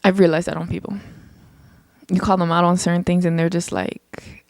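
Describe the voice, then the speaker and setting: A young woman hosting her own podcast, talking casually and passionately, her voice climbing high when she gets heated. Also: fairly even intonation, moderate pace, dry recording, studio quality. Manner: passionate, emphatic, rises into heated rants. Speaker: podcast host. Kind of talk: casual solo podcast monologue.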